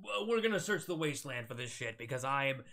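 A man's voice: mid-range voice, lively intonation, quick pace, pushed and bright. A young man giving casual, rambling commentary while streaming a modded game, laughing often, swearing and yelping when startled. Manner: rambling and self-deprecating, laughs often, swears, yelps at scares.

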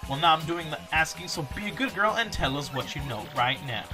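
A man's voice: a little high, expressive, fairly quick, lightly acted. A man plays a bossy henchman who bullies and sneers. His voice stays pushy and mocking, and game music runs behind. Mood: sneering. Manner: bullying, sneering.

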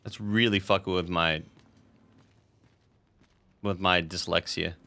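A man's voice: sits low, fairly even intonation, slow pace, vocal fry, pushed and bright. A man streaming a video game, chatting casually to his viewers, swearing freely and laughing often. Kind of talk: casual gameplay commentary.

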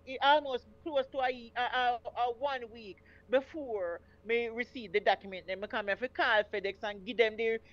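Jamaican lady, 50s, high voice, emphatic, keeps asking you understand, muffled lo-fi audio. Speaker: caller telling her story. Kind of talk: casual storytelling.

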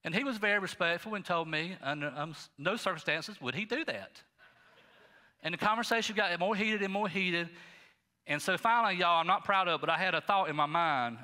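A middle-aged male pastor preaching a sermon in a folksy, animated way, talking straight to the congregation. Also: high-pitched, brisk, in a large hall. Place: church sanctuary.

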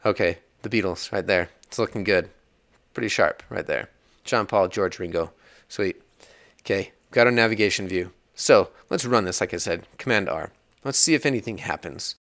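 A man's voice: deep voice, normal speed, a bit bright, dry recording. A man hosting a casual coding tutorial, chatting and rambling as he works, laughing at bugs along the way. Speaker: iOS developer tutorial host.

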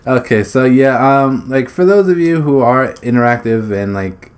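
A man's voice: mid-range voice, very animated, measured pace, a little mellow. A man talking casually over his gameplay, rambling, swearing freely and blurting out exclamations as he plays. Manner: rambling, swears freely, laughs between phrases; blurts exclamations during play. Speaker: gaming YouTuber.

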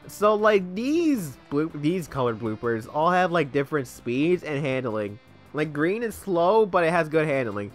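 Young man, casual game commentary, rambling, self-deprecating, lively up-and-down voice, faint game music behind. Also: a little high, moderate pace. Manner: rambling, self-deprecating, easily sidetracked, laughs at himself. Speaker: let's play commentator.

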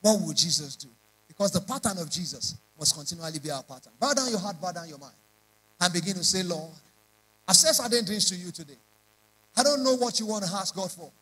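A man's voice: high voice, animated, fairly quick, pushed and bright, slightly rough, rough recording. A man preaching a sermon, emphatic and repeating lines in rising prayer chants. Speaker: pastor.

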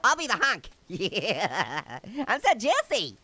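A man voicing a cheeky, hyper male talking orange in a cartoon game let's-play, cracking puns and giggling through the commentary in a squeaky, pitched-up voice. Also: wildly swooping pitch, slow pace, sharp tone, no echo, full character voice. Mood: goofy. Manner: punning, giggly, constant jokes and laughter. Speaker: gaming commentator. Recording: noisy hissy recording.

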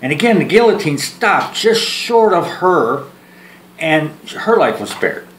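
His voice is fairly high, a bit bright and sing-song, and he speaks a little slowly as he films one side of a phone conversation. He jokes, rambles, repeats and restarts words, and mocks himself. There's a little hiss or hum, and the room sounds spacious with faint ambience.

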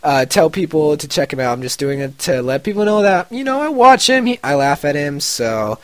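Chatty young man, slightly high, dry sound. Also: moderate pace, no echo. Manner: relaxed and chatty, with fillers. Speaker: gaming channel host. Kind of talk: casual video outro commentary.

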